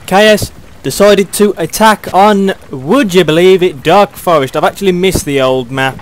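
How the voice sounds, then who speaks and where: Excitable high-voiced British commentator. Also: male voice, moderate pace, a little hiss or hum. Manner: excitable, chuckling often. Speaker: match commentator. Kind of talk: play-by-play esports commentary.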